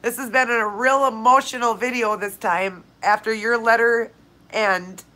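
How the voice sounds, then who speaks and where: A woman's voice: a little high, fairly even intonation, unhurried, bright, forceful tone, poor audio. Teary woman on a live stream, heartfelt, chatting to viewers by name. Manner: emotional, heartfelt, speaks directly to viewers by name. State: tearful, crying. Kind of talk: casual live-stream chat.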